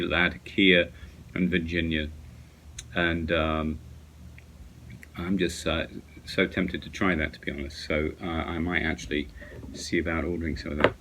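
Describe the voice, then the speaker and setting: Low-voiced man rambling in a late-night vlog. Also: bright, forceful tone. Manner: rambling, many fillers and restarts. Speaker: pipe smoking vlogger. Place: at home at night.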